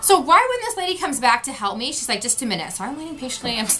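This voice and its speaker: A woman's voice: sits high, big pitch swings, quick pace, fairly bright tone, soft background music. A woman vlogger recapping an event in casual talk, frustrated and retelling what people said. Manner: frustrated, retelling with quoted voices.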